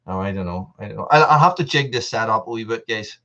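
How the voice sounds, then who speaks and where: With a fairly low pitch, lively intonation, and a fast, sharp delivery, a man hosts a casual live stream from an upstairs room at home. He rambles and makes fun of himself for his viewers, restarting and laughing often as he tests his camera mic and desk mic. The audio comes across dull.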